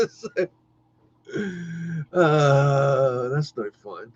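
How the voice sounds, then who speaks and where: Slow rambling man on a lo-fi stream. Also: mid-range voice, darkish tone, slightly rough. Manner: laughs often, rambling with many restarts. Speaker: livestream host. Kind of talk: casual rambling live-stream chat. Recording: dull lo-fi stream audio.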